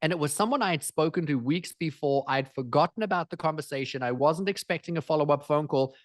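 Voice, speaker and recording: A man speaking as a guest in an interview, energetic and emphatic, driving points home with repetition. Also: fairly high pitch, fast, no echo, clean studio sound. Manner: energetic, emphatic, repeats phrases for effect. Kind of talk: animated interview storytelling.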